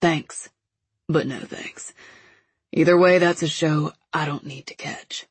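A woman reading the part of an angry, bitter young man with a gruff, clipped delivery. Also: low-pitched, steady tone, slow pace, no echo, full character voice. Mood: curt.

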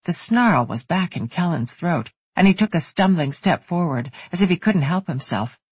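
A woman narrates an audiobook in an even, steady read. Her voice is husky and a little breathy, recorded close and dry with no room sound. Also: lowish voice, moderate pace, no echo. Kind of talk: scripted narration.

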